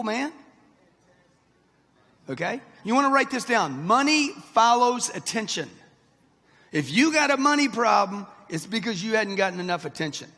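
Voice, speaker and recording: Speaking straight to a live crowd in a large hall that gives long reverb, a man in his sixties gives a brash, punchy motivational talk. His voice sits high, with a sharp tone and a breathy edge.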